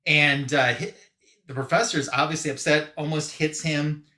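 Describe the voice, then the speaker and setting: A man's voice: fairly high pitch, fairly even intonation, moderate pace, sharp tone. Man casually recapping a comic, roomy sound. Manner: rambling, filler-heavy retelling. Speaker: podcast host. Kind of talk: casual live-show story recap.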